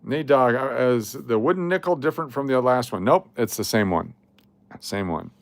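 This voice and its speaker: A man's voice: medium pitch, lively intonation, moderate pace, dry recording. A middle-aged man from Las Vegas hosting a casual coin live stream, chatting and reading viewer comments aloud. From Las Vegas, Nevada. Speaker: livestream host running coin giveaways.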